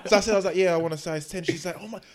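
A young man from the UK, telling quick, lively stories on a casual podcast. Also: high-pitched, a crowd in the background. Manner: fast, lively storytelling with laughter. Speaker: podcast co-host. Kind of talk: casual chat.

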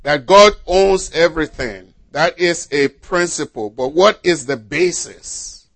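Here a pastor with a fairly bright, higher-than-average voice reads scripture aloud. He quizzes the congregation through rhetorical questions, speaking slowly and deliberately, and there's no room sound.

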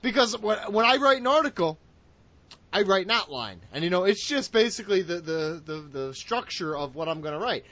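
A man's voice: high voice, expressive, a little fast, sharp tone, dry recording, muffled recording. A man co-hosting a podcast in casual chat, joking and swearing a lot. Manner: profane, joking, does mock gangster voices. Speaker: podcast co-host.

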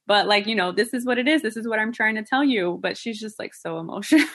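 A woman from New Jersey chatting casually as a podcast co-host and mother, talking in an animated way with frequent laughter and swearing. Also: mid-range voice, quick pace. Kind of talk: casual chat.

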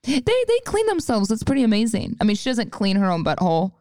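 A woman co-hosting a podcast, chatting in a talkative, quick and emphatic way. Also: fairly high pitch, huge pitch swings, dark tone, no room sound, studio quality. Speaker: podcast co-host. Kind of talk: casual chat.

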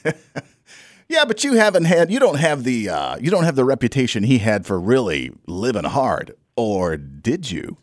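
A man hosting a radio interview, easygoing and quick to laugh along with his guest. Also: mid-range voice, very animated, no room sound, studio quality. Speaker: radio host.

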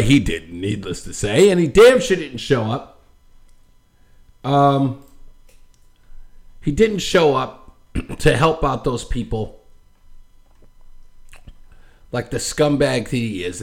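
A man's voice: medium pitch, measured pace, long pauses. A man hosting a talk show, ranting with frequent laughs and loose fillers. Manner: ranting, animated, laughs often, many fillers. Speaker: show host. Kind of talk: opinionated political commentary.

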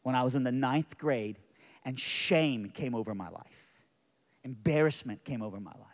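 At normal speed and in a mid-range voice, a middle-aged man preaches a sermon, telling a personal story that moves between quiet hush and loud intensity.

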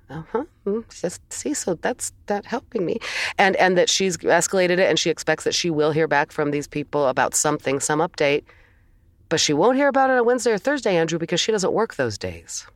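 A woman's voice: lowish voice, expressive, fairly quick, no room sound. A woman co-hosting a casual chat, telling a long exasperated story with sighs and the odd swear.

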